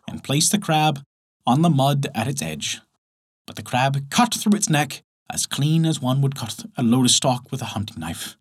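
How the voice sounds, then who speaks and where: A man narrating a folktale as the show's storyteller, reading in an expressive storytelling manner. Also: medium pitch, husky.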